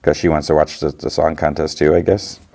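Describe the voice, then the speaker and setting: This podcast host has a very deep, darkish voice with vocal fry and a level tone, talking a little fast. His casual TV episode recap rambles, thick with "like" and "you know."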